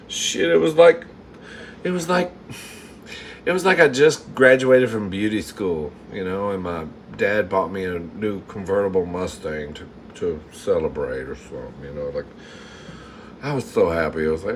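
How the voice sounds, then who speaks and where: A man's voice: lowish voice, measured pace, slight background noise. Campy laughing man telling stories. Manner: animated, campy, laughs often, mimics customers. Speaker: live-stream host. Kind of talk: casual storytelling to live chat. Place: home kitchen.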